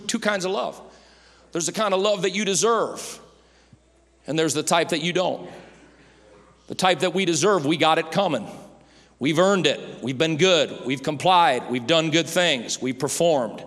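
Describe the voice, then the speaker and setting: A pastor preaching with a fairly high voice for a man. He swings between loud, driving emphasis and hushed near-whispers, and his words ring out into the long reverb of a large hall. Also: lively intonation, moderate pace, long pauses. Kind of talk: sermon.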